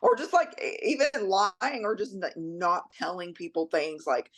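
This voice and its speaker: A woman in her thirties trading blunt, profane remarks on a casual true-crime podcast. Her voice sits fairly low, and she laughs easily between points. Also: animated, unhurried. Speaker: podcast co-host.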